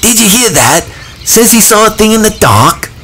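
A man's voice: sits high, big pitch swings, normal speed, bright, forceful tone, slight background noise, voice pushed up, heavily acted. A confident young boy leads the group, voiced by a man reading a novel aloud. He sounds upbeat and patient, explaining things kindly, with a lifted voice that rises and falls a lot. Faint birdsong and crickets sit under the reading. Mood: reassuring. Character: confident boy leader, cheerful and reassuring.

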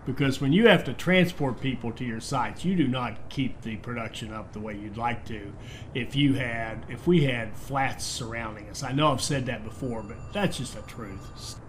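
A man's voice: mid-range voice, normal speed, a little hiss or hum. A man casually commenting on his own gameplay as the host, thinking aloud with fillers and restarts. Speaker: game commentator. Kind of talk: casual let's-play commentary.

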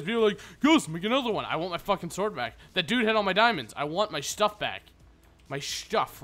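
A man's voice: high voice, pushed and bright. A young man casually commenting on his video game, cursing and trash-talking the enemies. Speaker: gaming video host. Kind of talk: casual let's play commentary.

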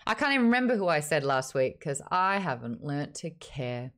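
A woman's voice: low-pitched, big pitch swings, normal speed, a bit bright. A woman hosting a casual live-streamed book chat, playful and teasing, with a bit of swearing. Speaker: host.

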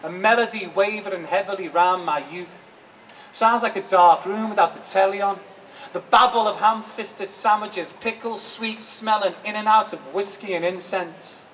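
A man's voice: sits high, fairly bright tone. A man with a Liverpool accent performing a poem live at a book market, with a rhythmic, emphatic, dramatic delivery. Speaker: performance poet. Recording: distant mic, faint background noise.

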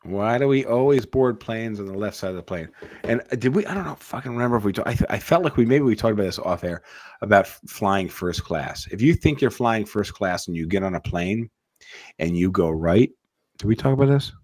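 A man with a very low voice hosts a casual podcast, talking in long rambling stretches full of swearing and restarted words. The sound is dry and close to the mic. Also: animated, a little fast, darkish tone, dry recording. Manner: rambling, profane, repeats words when starting. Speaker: podcast host. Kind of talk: casual chat.

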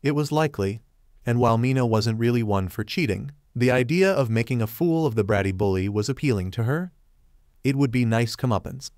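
A man narrating a fanfiction story in an even storybook reading manner. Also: mid-range voice, a little fast, dry recording, clean studio sound.

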